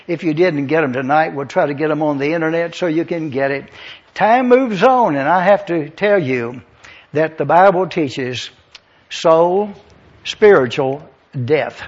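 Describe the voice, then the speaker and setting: A male pastor teaching scripture to an evening congregation, slowly spelling out words letter by letter so listeners can take notes. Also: on the high side. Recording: dull lo-fi sermon recording.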